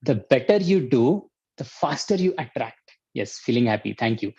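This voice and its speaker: Indian male coach, husky voice, dry dull audio, energetic and pushy. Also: medium pitch, moderate pace, dry recording. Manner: energetic, urging, repeats commands. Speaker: life coach. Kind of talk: online workshop teaching.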